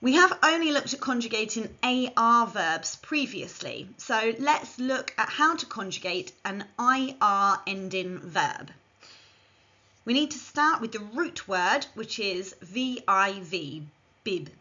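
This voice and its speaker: Woman teacher, slow and careful, higher voice, kinda dull lo-fi sound. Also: lively intonation, pushed and bright. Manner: slow, careful modelling of phrases for learners to repeat. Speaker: language teacher. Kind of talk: scripted language lesson. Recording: dull lo-fi recording.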